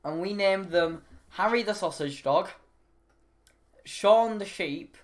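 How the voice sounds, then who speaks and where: A man's voice: high voice, takes it slowly. Giggly young-sounding man chatting casually. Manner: giggly, rambling, trails off mid-sentence. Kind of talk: casual chat.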